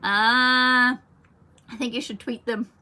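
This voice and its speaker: Woman, young, casual live-stream chat, chatty and giggly, bright tone. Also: a little high, steady tone, slow pace. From Ireland. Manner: chatty, giggly, reads fan comments aloud. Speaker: singer streaming to fans.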